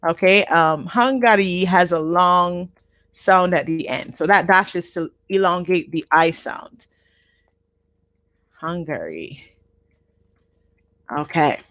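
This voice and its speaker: Slow, patient woman teaching a class. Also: lowish voice, lively intonation, fairly bright tone, no room sound. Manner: slow, patient, repeats words for learners. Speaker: online Japanese teacher. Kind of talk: live online language class.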